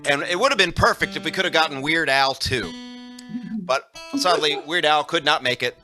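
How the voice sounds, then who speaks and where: A man chatting and then singing a fast parody medley over his guitar on a video call. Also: a little high. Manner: quick patter, laughs between lines. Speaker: comedy musician. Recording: loud guitar under the voice.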